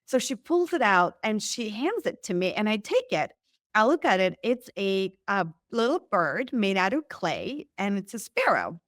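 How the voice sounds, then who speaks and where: Animated woman telling her story. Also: medium pitch, moderate pace, dry recording, studio quality. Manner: animated, acts out quoted lines. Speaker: podcast guest. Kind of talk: storytelling in an interview.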